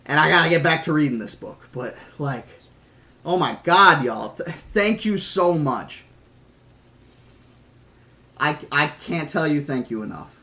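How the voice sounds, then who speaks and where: A man's voice: on the high side, lively intonation, measured pace, pauses often, sharp tone. A man streaming live, emotional and near tears, stammering out thanks to his viewers in casual chat. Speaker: streamer reading a novel aloud.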